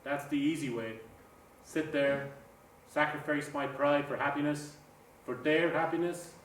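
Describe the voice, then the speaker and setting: A man's voice: on the high side, fairly even intonation, measured pace, fairly bright tone. Troubled young man, mutters his thoughts, faint hiss, distant roomy sound, played by a male actor. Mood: brooding. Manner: brooding, muttering inner monologue. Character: troubled young man brooding over revenge. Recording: echoey room, far from mic, faint noise.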